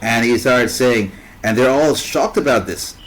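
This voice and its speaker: A man spins a long, winding story in casual chat. He often pauses to hunt for a word and slips into the voices of the people he describes. His voice sits at an ordinary mid pitch. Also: fairly bright tone, a little hiss or hum, rough recording. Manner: rambling, fills gaps with "what's it called".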